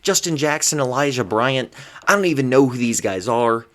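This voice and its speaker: Man, sports vlogger, solo rant, exasperated, incredulous, lively swooping pitch, stumbles over words. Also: normal speed. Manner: exasperated, incredulous ranting with rhetorical questions; stammers when flustered. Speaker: basketball commentary vlogger.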